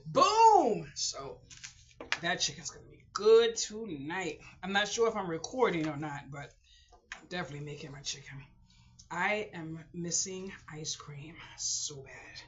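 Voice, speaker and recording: A woman's voice: low voice, a bit bright. A woman vlogger talking casually to her viewers, rambling and heartfelt with lots of fillers. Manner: rambling and heartfelt, many fillers, talks to viewers as "boys and girls". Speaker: frugal living vlogger. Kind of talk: casual personal chat to camera. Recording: dull lo-fi recording with faint noise.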